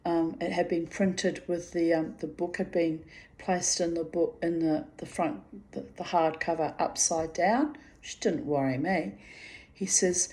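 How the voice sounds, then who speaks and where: A woman's voice: lowish voice, steady tone, unhurried, darkish tone. A woman in her fifties from New Zealand, telling a rambling personal story straight to her listeners. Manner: rambling, chatty, addresses listeners directly.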